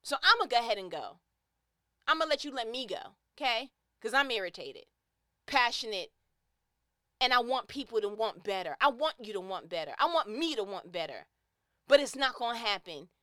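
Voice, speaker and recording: Fired-up high-voiced woman preaching change. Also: animated, moderate pace, sharp tone, no room sound, clean studio sound. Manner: repeats phrases for emphasis. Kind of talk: impassioned motivational monologue.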